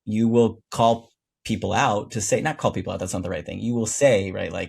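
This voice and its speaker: A man's voice: on the low side, normal speed, gravelly, a little mellow. A man hosting a podcast, speaking reflectively and searching for words in casual conversation. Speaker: podcast host.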